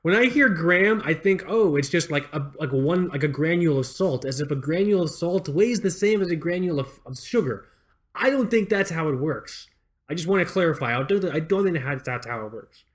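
A man co-hosting a casual podcast, joking and swearing freely, with excitable reactions. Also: a little high, a little fast. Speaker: podcast co-host. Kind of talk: casual chat.

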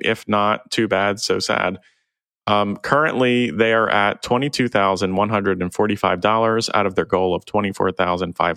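A man hosting a gaming podcast in casual chat, reading listener feedback and shout-outs. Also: fairly low pitch, no echo. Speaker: podcast host. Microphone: remote call recording.

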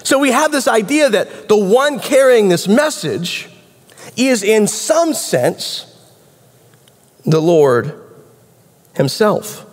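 A man's voice: high-pitched, big pitch swings, takes it slowly, long pauses. A man preaching a sermon in a conversational, wry, explanatory way. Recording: reverberant hall.

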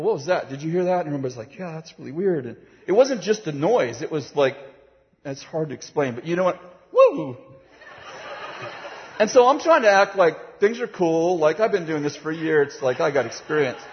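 Guy preaching a story from the platform, a bit high voice, acts out the voices, long hall echo, kinda dull sound. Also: fast talker. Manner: animated, acts out voices, laughs while telling. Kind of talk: sermon storytelling.

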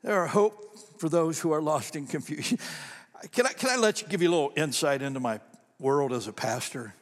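A man's voice: fairly high pitch, expressive, brisk. A man preaching a sermon as pastor, telling stories with animation and repeating phrases for emphasis. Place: church sanctuary. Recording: long reverb of a large church hall.

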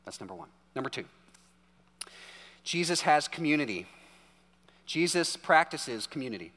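A man's voice: a little high, sing-song, moderate pace, a bit bright. A man in his thirties preaching a sermon in a chatty storytelling way, often checking in with "right?". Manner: conversational storytelling, keeps asking "right?". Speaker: pastor. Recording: long hall reverb.

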